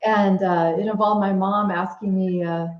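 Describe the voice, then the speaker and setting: A woman's voice: mid-range voice, steady tone, moderate pace. Hesitant woman guest in an echoey room. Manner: hesitant, many fillers and restarts. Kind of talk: casual interview talk. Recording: echoey, slightly dull audio.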